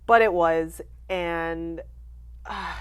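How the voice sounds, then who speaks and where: Woman, late twenties, lowish voice, animated storytelling, quotes people in little put-on voices. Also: extremely slow, clear, resonant tone. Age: late 20s. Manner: animated, acts out quoted voices, laughs often. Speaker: guest, professional wrestler. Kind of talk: candid interview storytelling.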